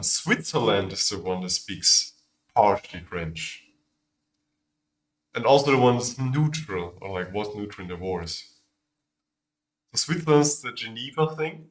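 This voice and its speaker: A man from Austria with an Austrian German accent whose first language is German. He chats casually on a livestream while building a game, talking in a distracted way as he works. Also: fairly low pitch. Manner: distracted, talks while working. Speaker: streamer making a game.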